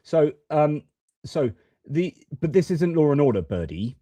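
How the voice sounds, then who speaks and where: Hesitant man, mellow commentary. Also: a little high, sing-song, a little slow, muffled recording. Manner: hesitant, many fillers and restarts. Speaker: political commentator. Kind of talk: casual commentary over news clips.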